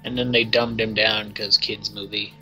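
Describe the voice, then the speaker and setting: Bright-voiced, teasing young man gamer. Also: fairly low pitch, level tone, moderate pace, soft background music, poor audio. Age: 20s. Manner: blunt, teasing and profane. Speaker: co-host of a game let's play stream. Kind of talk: casual gaming banter.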